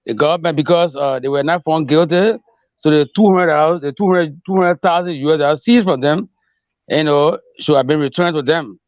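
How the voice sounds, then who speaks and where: A man's voice: a little high, a little fast, dry recording, dull audio. A man reporting news as a correspondent, hesitant, with many fillers and restarts.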